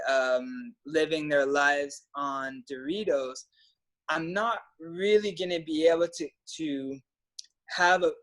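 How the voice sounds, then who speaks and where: A man's voice: on the high side, fairly bright tone. A man telling stories in casual, emphatic talk, swearing now and then as a coach. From Canada. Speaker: trainer and guest coach.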